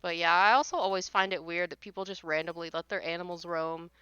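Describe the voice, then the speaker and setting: Woman streamer, casual exasperated rant, blunt and sweary, bright sharp tone, dry close sound. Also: lowish voice, fairly even intonation, fast talker, smooth, dry recording, highs cut off. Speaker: livestreamer. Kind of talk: casual chat while gaming.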